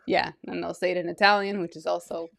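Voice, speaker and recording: Female co-host, relaxed giggly banter, plenty of "like" and "yeah". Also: fairly low pitch, quick pace, vocal fry. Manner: laughs often, lots of filler words. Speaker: podcast co-host. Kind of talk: casual chat.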